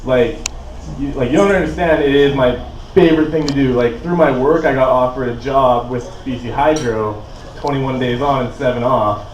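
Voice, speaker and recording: A man's voice: medium pitch, normal speed, highs cut off, a little hiss or hum. A man in his twenties from Canada doing a stand-up set, laid-back and rambling, with lots of "like" and "uh". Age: 20s. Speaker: stand-up comedian. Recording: roomy echo, voice from a distance.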